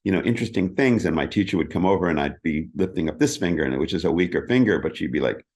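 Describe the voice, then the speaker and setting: Animated man scat-singing rhythms. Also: deep voice, fast. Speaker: interview guest, keyboardist. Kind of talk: casual interview chat.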